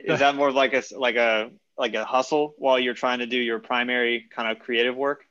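A man's voice: medium pitch, level tone, a little fast, a bit bright, no room sound. A man co-hosting a podcast, easygoing and joking, asking questions casually. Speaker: podcast co-host. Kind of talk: casual interview. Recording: dull, muffled sound.

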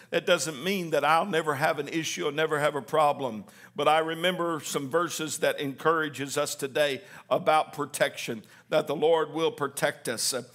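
A middle-aged male pastor preaching a sermon, reading scripture slowly and building to fervent, rising waves. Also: fairly high pitch, fairly bright tone. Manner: reads scripture slowly with emphasis.

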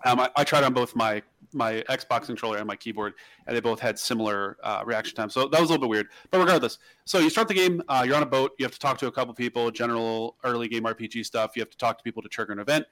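A man talking quickly on a podcast, his words tumbling out in a rapid, loose ramble full of restarts. The sound is close and dry, with no room echo at all. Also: mid-range voice, fairly bright tone. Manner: rambling, with many restarts and fillers. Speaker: podcast host. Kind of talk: casual podcast chat.

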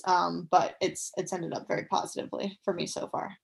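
A woman's voice: lowish voice, expressive, quick pace, creaky, hardly any pauses. A young woman in her twenties, chatting as a guest in an interview, upbeat with lots of fillers. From United States. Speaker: guest, professional athlete. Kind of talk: casual interview chat.

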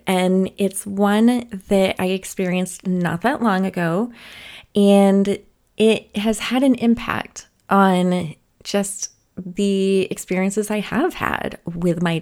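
A woman's voice: mid-range voice, darkish tone. A woman hosting a podcast, telling a personal story in a candid, chatty way and laughing now and then. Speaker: podcast host. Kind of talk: casual solo podcast storytelling.

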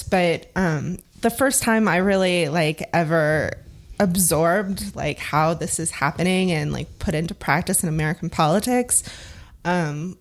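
A woman in a casual podcast discussion, talking thoughtfully and hesitantly, with many fillers and restarts. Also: low voice.

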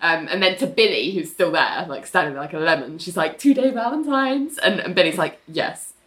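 A woman's voice: sits low, a little fast, a bit bright. A young woman casually recapping a TV episode, acting out the characters' lines and swearing freely. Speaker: podcast co-host recapping a TV show.

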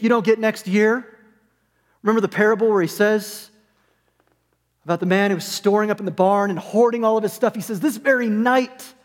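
A man preaching as a pastor in a sermon, conversational with humorous asides, in a church sanctuary. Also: high voice. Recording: long hall reverb.

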